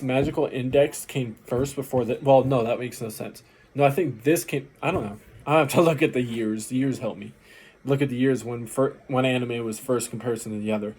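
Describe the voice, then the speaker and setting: A tired man hosting an anime reaction, talking in a loose, rambling way late at night. His voice sits in a middle pitch and he wanders through his thoughts with fillers. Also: darkish tone. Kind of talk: casual reaction commentary.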